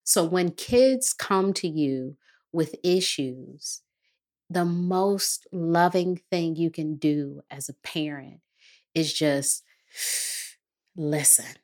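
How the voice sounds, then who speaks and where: A woman, a guest therapist and author, explaining family conflict in a measured, advice-giving way on a podcast. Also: low voice, darkish tone.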